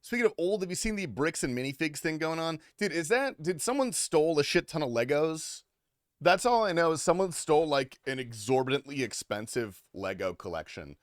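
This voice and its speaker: A man's voice: a little high, expressive, brisk, dry recording, clean studio sound. A man streaming a game, chatting casually with his viewers in a crude, offhand way and swearing freely. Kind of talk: casual livestream chat.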